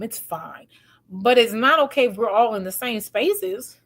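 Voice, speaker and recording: A woman's voice: mid-range voice, measured pace. A woman hosting a relationship advice talk, telling stories casually and acting out what people said, often laughing. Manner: animated, acts out quoted voices, laughs often. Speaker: host giving relationship advice.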